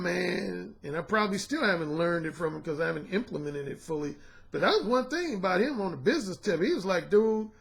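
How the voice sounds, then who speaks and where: High, lively-voiced dating coach ranting. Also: male voice, creaky. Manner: slangy, profane and emphatic; talks straight to the audience. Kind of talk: casual monologue to camera.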